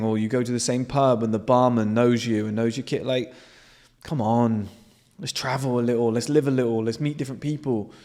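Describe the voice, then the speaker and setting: A man with an animated manner, hosting a casual monologue to his viewers and swearing freely. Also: medium pitch. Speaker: host.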